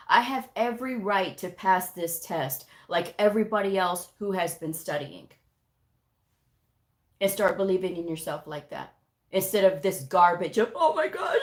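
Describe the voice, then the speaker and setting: A woman hosting a livestream as a tutor, talking bluntly with tough love and reading viewer comments aloud. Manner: blunt, tough-love, mocks with high whiny voices; reads chat comments aloud. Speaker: livestream host and medical coding tutor. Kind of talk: casual livestream talk.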